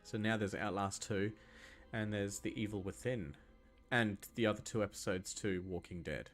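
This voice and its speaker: A man's voice: lowish voice, normal speed, faint music behind. A young man from Scotland giving loose, rambling gameplay commentary and answering chat questions, with plenty of ums and restarts. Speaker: gaming video host.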